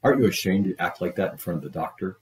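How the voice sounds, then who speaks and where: A man's voice: sits low, very animated, normal speed, a little mellow. A man voicing an anxious mother who sharply scolds her sick daughter in a read-aloud story. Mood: scolding.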